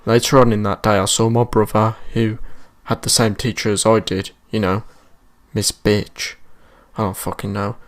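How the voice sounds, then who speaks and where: A man's voice: fairly low pitch, flat delivery, normal speed. A man with a British accent casually telling a school story in slangy, swear-filled speech. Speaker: vlogger.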